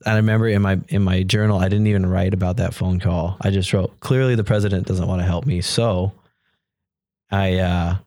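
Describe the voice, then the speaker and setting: Guest storyteller: man, low voice, dry sound, lively quoted dialogue. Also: a little fast, dry recording. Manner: animated, acts out quoted dialogue. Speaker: podcast guest. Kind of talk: casual storytelling in an interview.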